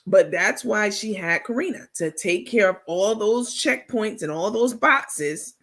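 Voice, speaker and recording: Woman host on a late-night livestream, gravelly, sassy, salty, laughs easily, reads the comments. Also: mid-range voice, lively intonation, measured pace, fairly bright tone. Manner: reads and answers viewer comments.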